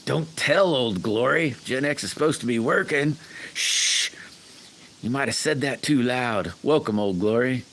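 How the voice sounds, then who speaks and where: A man's voice: mid-range voice, measured pace, fairly bright tone. A man hosting a casual livestream, rambling folksy stories and greeting viewers by name. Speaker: livestream host chatting with viewers.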